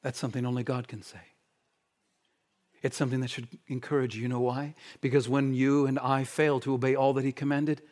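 A man preaching a sermon, shifting between fervent, shouted appeals and quiet, hushed stretches. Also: mid-range voice, little pitch movement, brisk. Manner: impassioned, swings from shouting to hushed.

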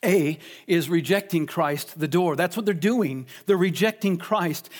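High-voiced preacher, emphatic and questioning. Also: male voice, unhurried, hardly any pauses, darkish tone. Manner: emphatic, rhetorical questions, shifting pace. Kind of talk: sermon.

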